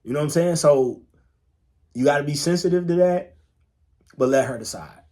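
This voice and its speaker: A man's voice: on the high side, normal speed, mellow. A man co-hosting a podcast in casual chat, laid-back and emphatic, swearing freely and repeating phrases to drive a point home. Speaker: podcast co-host.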